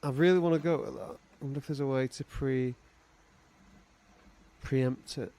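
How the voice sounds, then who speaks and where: A man's voice: mid-range voice, fairly even intonation, moderate pace, dark tone. A man co-hosting a podcast, bantering in a teasing, playful way. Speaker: podcast co-host. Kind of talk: casual chat.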